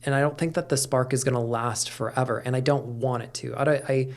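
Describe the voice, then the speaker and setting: A man's voice: medium pitch, steady tone, a little fast, soft background music. A middle-aged man talking candidly as a podcast guest, with lots of fillers and casual swearing. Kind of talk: casual conversation.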